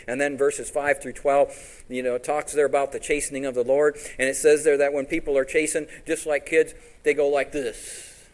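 A man from Tennessee preaching a sermon in a folksy, animated way, often acting out little scenes. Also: mid-range voice. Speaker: pastor.

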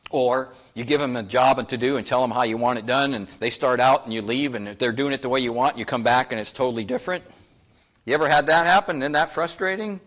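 Middle-aged guy from north dakota preaching, folksy and chatty, ordinary mid-pitched voice, gets emphatic with his questions. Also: fast, fairly bright tone. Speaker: pastor. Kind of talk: sermon.

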